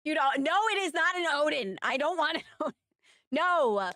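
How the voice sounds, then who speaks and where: A young woman streaming a game, excitable and gushing as she thanks her chat. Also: high-pitched, normal speed, dry recording, clean studio sound. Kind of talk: casual live-stream chat.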